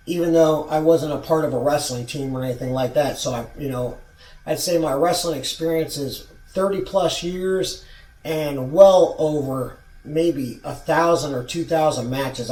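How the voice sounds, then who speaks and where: A man's voice: fairly high pitch, a little mellow. A man in his forties telling a rambling, profane story from his own past in a casual vlog. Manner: rambling, profane, restarts a lot. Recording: roomy sound, far from mic.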